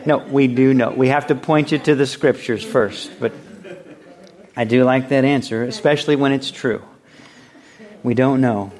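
Male pastor, mid pitch, relaxed conversational sermon delivery. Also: moderate pace, long pauses. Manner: conversational, acts out quoted voices; reads scripture aloud.

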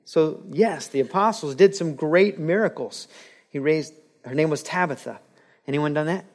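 A man preaching a sermon as a pastor, animated, acting out quoted voices and telling a joke. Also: on the high side, moderate pace.

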